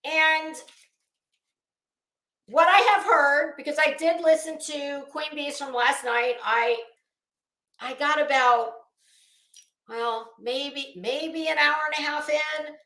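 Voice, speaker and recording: A YouTube commentary host delivers a sassy, exasperated rant to her online audience, stretching out words for emphasis. Her voice sits high with a steady tone, slow pace, and long pauses, sounding pushed and bright in an echoey room.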